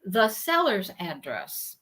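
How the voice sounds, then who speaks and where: Woman, casual live-stream chat, lively up-and-down pitch, laughs easily, exasperated. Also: slow. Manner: chatty, laughs often, exasperated asides. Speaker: craft channel host.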